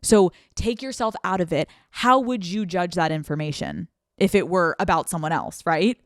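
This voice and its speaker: A woman's voice: fairly low pitch, normal speed, no room sound, studio quality. A woman hosting a solo advice podcast, talking candidly and swearing freely, and acting out the people she quotes. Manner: candid and profane, acts out quoted voices. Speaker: podcast host.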